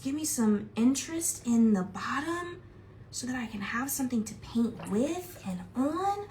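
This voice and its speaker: Woman, livestream painter, high lively voice, excitable and gushing, phone mic with faint noise. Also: unhurried. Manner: excitable, gushing, bursts into squeals and shouts. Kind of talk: casual livestream chat while painting.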